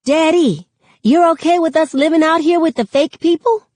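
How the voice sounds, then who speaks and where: A woman voicing an excitable, whiny little boy in a read-aloud novel. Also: extremely high pitch, moderate pace, no room sound, voice pushed up. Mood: curious.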